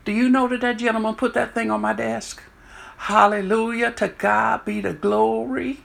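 A woman in her sixties, a prison chaplain, telling stories in an animated way and acting out what people said. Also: fairly high pitch, normal speed, vocal fry. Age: 60s. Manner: animated storyteller, acts out quotes. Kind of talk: storytelling talk.

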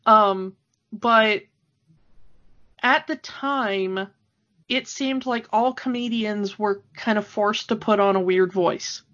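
A woman's voice: mid-range voice, slow pace, a bit bright. A woman in her thirties co-hosting a podcast, chatting casually and laughing often. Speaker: podcast co-host. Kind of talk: casual chat. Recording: dull lo-fi sound.

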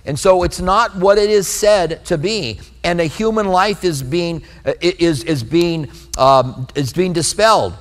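Earnest male preacher, slightly high voice. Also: a little slow, hardly any pauses. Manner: earnest, conversational preaching with scripture readings. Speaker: pastor. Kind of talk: sermon.

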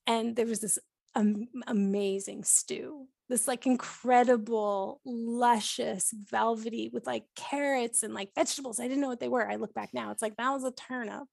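A Canadian woman in her forties, a podcast host being interviewed, tells stories in a chatty way, using many fillers and laughing often. Her voice sits on the high side with a steady tone, moderate pace, and a gravelly yet slightly mellow quality. The recording is studio quality with no room sound.

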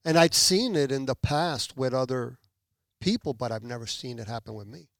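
A Puerto Rican man, guesting on a podcast, recounts a testimony with animation, acting out the people he quotes. His medium-pitched voice moves at normal speed with some vocal fry, captured in clean studio sound without echo.

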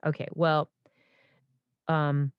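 Woman in her 50s with a low voice, animated and self-interrupting, dry close sound. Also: drawn-out words, clear, resonant tone, no echo, highs cut off. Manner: animated, self-interrupting, full of restarts and asides. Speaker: stage performer and impressionist. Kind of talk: casual interview storytelling.

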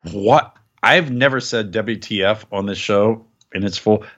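A man's voice: lowish voice, unhurried, fairly bright tone, highs cut off. A man co-hosting a wrestling podcast, speaking in an exasperated, incredulous way. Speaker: podcast co-host. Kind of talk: casual podcast chat.

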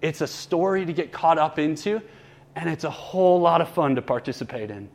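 A man's voice: on the high side, animated, brisk. A man in his thirties telling stories and teaching in a conversational sermon, with asides to the congregation. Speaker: preacher.

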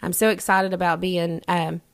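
A woman's voice: fairly low pitch, normal speed, creaky. A woman co-hosting a podcast, telling a story in casual chat with frequent laughter. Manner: animated storyteller, laughs often. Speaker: podcast co-host. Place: rural home.

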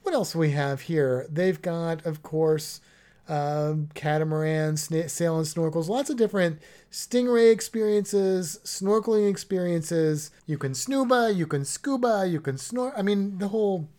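A woman's voice: on the low side, unhurried, warm tone. A woman chatting casually about travel plans, rambling and correcting herself as she goes. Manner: rambling, self-correcting, chuckling.

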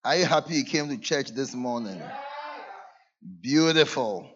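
A man preaching a sermon to his church, earnest, moving between loud emphasis and soft asides. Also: medium pitch, lively intonation, a little slow, muffled recording, slight background noise. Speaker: pastor. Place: church service.

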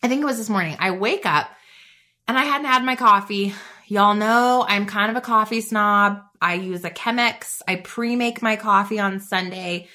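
A woman's voice: mid-range voice, normal speed, pushed and bright. A woman hosting a faith-based motivational podcast, chatty and bubbly with lots of "like.". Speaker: podcast host.

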